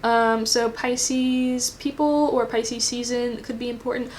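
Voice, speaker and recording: A woman with a somewhat high voice gives a casual tarot reading. She rambles, thinks aloud, and fills pauses with ums and likes. A faint noise sits under her voice. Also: steady tone, darkish tone. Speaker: tarot reader.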